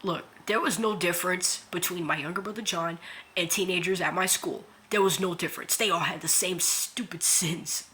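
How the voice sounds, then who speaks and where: A woman speaking an earnest, emotional confessional monologue into her phone, halting and repeating herself, near tears. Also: fairly low pitch, fairly bright tone. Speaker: vlogger.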